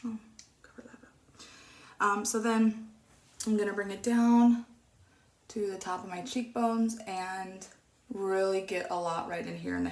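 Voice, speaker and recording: Rambly lady vlogger talking thru her makeup, gravelly voice, mutters to herself sometimes. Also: medium pitch. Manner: chatty and rambling, with soft muttered asides. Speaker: beauty vlogger. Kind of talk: casual makeup tutorial chat. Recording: echoey room.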